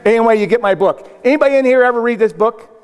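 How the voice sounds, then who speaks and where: A man's voice: very high-pitched, rapid-fire. Older man speaking in a reverberant hall. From South Dakota, United States. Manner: storytelling with acted-out quotes and punchy asides. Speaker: motivational speaker. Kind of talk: humorous keynote speech to a live audience.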